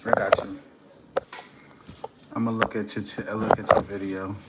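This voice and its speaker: A man's voice: on the low side, level tone, normal speed, very noisy. A man hosting a casual livestream from his kitchen at home, rambling easily while he reads the chat and browses on his computer. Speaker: livestream host. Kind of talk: casual live-stream chat.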